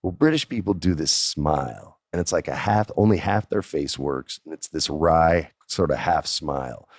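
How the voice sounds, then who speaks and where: A man hosting a podcast, telling a story casually, animated and profane, jumping up high in pitch for emphasis. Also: normal speed, breathy edge, no echo, studio quality. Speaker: podcast host.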